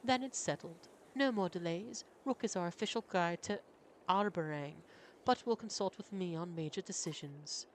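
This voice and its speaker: A proud young prince , put on by a man, commanding and sure of his rank, his voice lifted high. Faint noise sits behind him. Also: normal speed. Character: young, entitled male prince.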